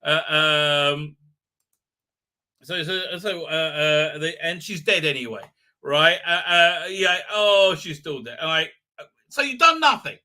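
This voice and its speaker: A host offers sarcastic live commentary on an episode, speaking slowly in a very bright, cutting voice that sits slightly high. Full of fillers, he keeps restarting with "uh, uh" before mocking the lines in exaggerated voices.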